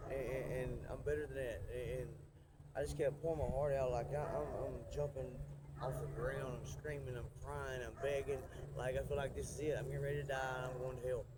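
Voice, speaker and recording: A man giving an earnest, halting spoken testimony, often repeating words and restarting. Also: medium pitch, flat delivery, background noise. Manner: earnest and intense. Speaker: person giving a religious testimony.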